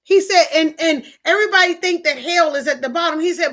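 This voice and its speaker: A woman's voice: very high voice, brisk, a bit bright. A woman hosting a live stream from home, telling a personal story to her viewers and reading their comments in an earnest, repetitive way. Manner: earnest, repetitive, restarts often.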